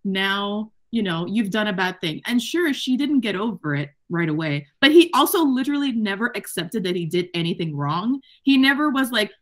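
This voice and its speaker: A woman co-hosting a casual book club podcast, talking at a middling pitch. She swears freely, laughs often and slips into little acted quotes. Her talk is lively and unscripted. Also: normal speed, few pauses. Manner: animated, profane, laughs often, acts out quotes. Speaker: podcast co-host.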